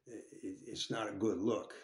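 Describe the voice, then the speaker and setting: A man's steady, lowish voice carries a rambling, profane story about being in jail at a moderate pace. He restarts his sentences often, and the audio is reverberant.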